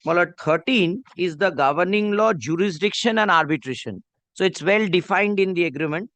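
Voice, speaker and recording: A man's voice: high-pitched, fast talker, fairly bright tone, no echo. A man with a Bengali-accented Indian English voice arguing a case before a judge, deferentially reading clauses aloud. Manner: deferential, says "my lord" constantly, reads clauses aloud. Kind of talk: courtroom legal argument. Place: courtroom.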